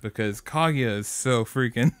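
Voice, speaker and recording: Young male co-host, smooth clean tone, dry mic, mellow and agreeable. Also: mid-range voice, normal speed, no echo. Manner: laid-back, agreeable, says "dude" a lot. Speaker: podcast co-host. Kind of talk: casual anime podcast chat.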